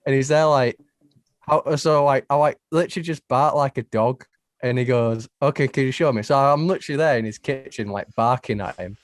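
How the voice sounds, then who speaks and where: A man hosting a podcast, telling stories in an animated way, laughing often. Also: medium pitch, normal speed, no echo, clean studio sound. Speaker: podcast host. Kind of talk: casual storytelling.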